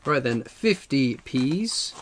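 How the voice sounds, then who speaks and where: This English man runs a laid-back coin-collecting livestream, reading chat messages aloud and rambling jokily while jittery from strong coffee. His mid-range voice is very animated and a bit bright, though he takes it slowly. A little hiss or hum sits in the audio.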